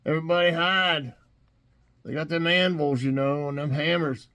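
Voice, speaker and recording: A man's voice: on the high side, fairly even intonation, moderate pace, pushed and bright. A middle-aged man with a Southern US accent, casually reading trivia questions and joking about the silly answers with plenty of chuckles. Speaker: host.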